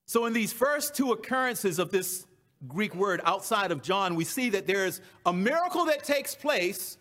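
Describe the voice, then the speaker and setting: Male preacher, high-pitched, emphatic sermon delivery with repeated phrases. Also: expressive, moderate pace, a bit bright, faint music behind. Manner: emphatic, repeats key phrases for stress, reads scripture aloud.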